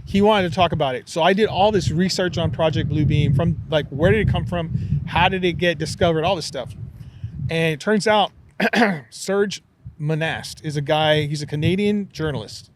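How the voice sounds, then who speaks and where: A man hosting a podcast in casual chat, telling a conspiracy story in an animated, excitable way. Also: a little high, moderate pace, slight background noise, poor audio. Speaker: podcast host.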